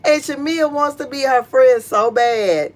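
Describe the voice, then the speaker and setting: Middle-aged woman, casual gossip commentary, blunt and profane, high squeals on quotes, slightly high voice. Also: unhurried. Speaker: show commentator.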